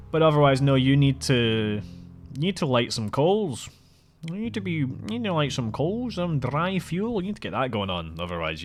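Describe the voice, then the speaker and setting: A man's voice: on the low side, a bit bright. A man hosting his own podcast, telling rambling, profane, wry stories in a casual way. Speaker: podcast host. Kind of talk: casual solo storytelling.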